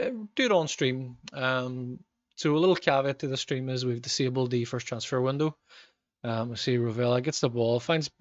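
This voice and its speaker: A man's voice: mid-range voice, no room sound, muffled recording. A man in his thirties with a Northern Irish accent, streaming a football management game and chatting with viewers, rambling with lots of ums. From Northern Ireland. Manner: rambling, frequent ums, reacts to match events. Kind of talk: live gameplay commentary with chat.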